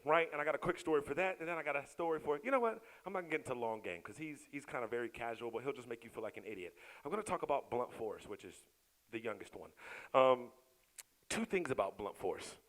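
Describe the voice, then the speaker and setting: A middle-aged man doing a stand-up comedy set, who bursts into loud shouts when he acts out scenes. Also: mid-range voice, animated, a little fast, low-quality recording.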